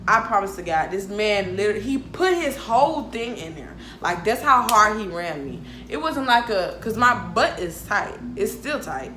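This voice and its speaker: Frank, animated young woman vlogger. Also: mid-range voice, normal speed, few pauses, reverberant, faint music behind. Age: 20s. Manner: animated, frank and profane, laughs often. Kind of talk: casual storytime monologue.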